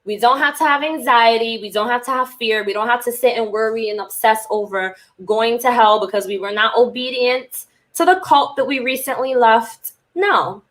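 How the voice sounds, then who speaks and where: A woman's voice: on the high side, normal speed, few pauses, fairly bright tone. A woman podcast host and cult recovery coach in a candid, rambling casual monologue who swears freely.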